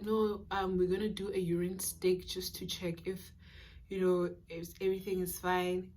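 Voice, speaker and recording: A young South African woman vlogger telling a personal story in a casual, animated way, acting out dialogue and dropping to whispers at times. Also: medium pitch. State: pregnant.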